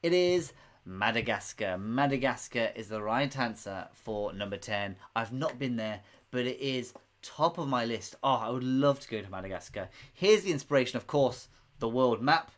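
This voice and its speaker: A man's voice: medium pitch, expressive, normal speed. A man hosting a casual live quiz stream, chatty and rambling, often laughing. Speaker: quiz host.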